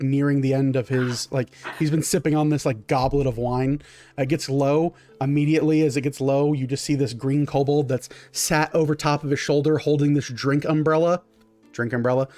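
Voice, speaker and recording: A man's voice: on the high side, a little mellow. A man narrating a tabletop game as game master, describing scenes in a rambling way with many fillers.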